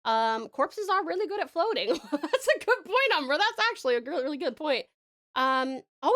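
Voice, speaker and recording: A woman's voice: high voice, very animated, normal speed, fairly bright tone. A young Australian woman with an Australian accent, chatting casually on a live stream, reading chat aloud and laughing often.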